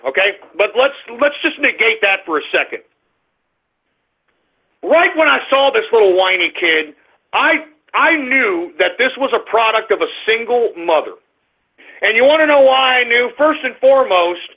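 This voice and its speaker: A man's voice: high voice, narrow, tinny audio. A man hosting a talk radio show, giving a blunt, crude, ranting monologue.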